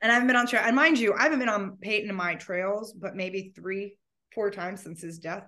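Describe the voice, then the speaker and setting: A woman's voice: medium pitch, fairly quick, bright, forceful tone. A woman talking as a guest in an emotional, heartfelt conversation, at times near tears.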